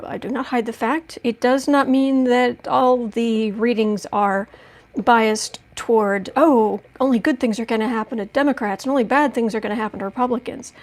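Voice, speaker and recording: A woman hosting a casual livestream tarot reading at home, chatting in a rambling way with many restarts and asides. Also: on the high side. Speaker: tarot reader and livestream host. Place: at home indoors.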